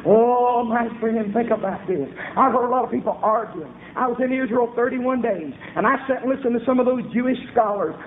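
A man preaching a revival sermon with fervent, rhythmic shouting bursts. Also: very high voice, brisk, hardly any pauses, slight background noise. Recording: echoey room over a tinny phone-like line.

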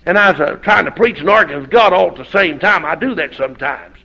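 An older man, preaching a folksy, animated storytelling sermon that breaks into shouted outbursts. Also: a little high, fast talker, gravelly, lo-fi sound.

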